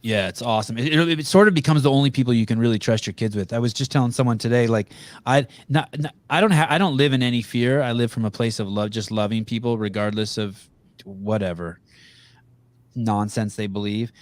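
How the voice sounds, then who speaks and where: A man's voice: mid-range voice, brisk, no room sound. A man hosting a podcast, talking over a video call in a blunt, profane, rambling way. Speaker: podcast host. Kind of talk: casual interview chat.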